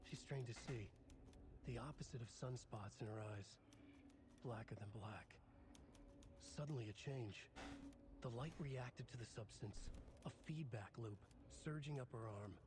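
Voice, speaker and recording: A man giving tense, measured scripted narration for a video game. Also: mid-range voice, noisy background, natural voice.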